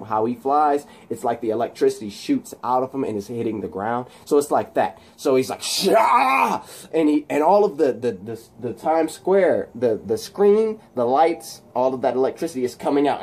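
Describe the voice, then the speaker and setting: Excited man recapping a film scene. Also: mid-range voice. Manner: excited, full of sound effects and fillers. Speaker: channel host. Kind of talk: casual movie scene recap.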